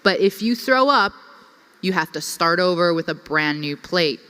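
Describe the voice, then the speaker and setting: A woman's voice: fairly low pitch, normal speed. A young woman telling a personal story to a conference audience, chatty and full of "like". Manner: lively, chatty, filler-heavy with frequent "like". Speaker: conference speaker. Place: conference hall. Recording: reverberant hall.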